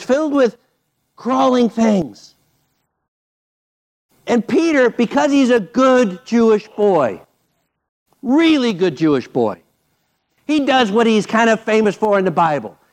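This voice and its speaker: A man preaching a sermon, telling the story playfully and swinging between loud bursts and hushed asides. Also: high-pitched. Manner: animated, playful storytelling with sudden loud and quiet turns. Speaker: pastor.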